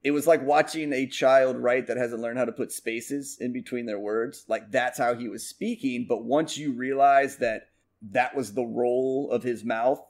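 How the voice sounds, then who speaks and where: A man's voice: medium pitch, steady tone, normal speed, darkish tone. Rambling, profane American man. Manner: rambling, profane, with many fillers. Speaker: podcast co-host. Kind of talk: casual chat.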